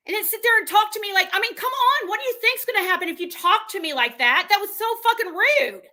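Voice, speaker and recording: Very high-pitched, angry woman streamer. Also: lively intonation, bright, forceful tone. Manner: angry, exasperated, swearing, rapid outbursts. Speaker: live streamer. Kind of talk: heated livestream rant.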